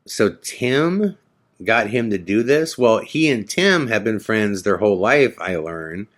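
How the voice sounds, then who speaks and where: A man's voice: lowish voice, lively intonation, unhurried. A man hosting a podcast, telling a story in a loose, rambling way with lots of "you know.". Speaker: podcast host. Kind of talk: casual storytelling.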